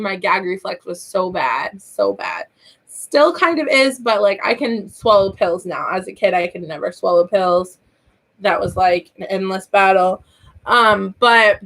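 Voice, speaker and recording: A woman's voice: mid-range voice, fairly bright tone. A woman in her thirties with a sore throat, hosting a casual live-stream chat, rambling and laughing often. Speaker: online teacher and channel host.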